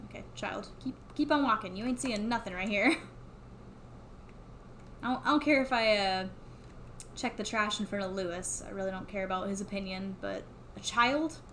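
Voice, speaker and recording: A woman's voice: medium pitch, moderate pace, long pauses, fairly bright tone, slight background noise. A young woman streaming a farming game, chatting casually to herself and laughing often. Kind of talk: casual gameplay commentary.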